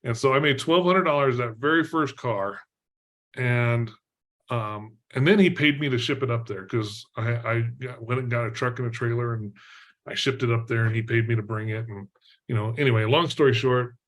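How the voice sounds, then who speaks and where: A middle-aged man from Texas, a podcast guest telling a story in a lively way, laughing often and using lots of fillers. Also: mid-range voice, moderate pace. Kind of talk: storytelling in an interview.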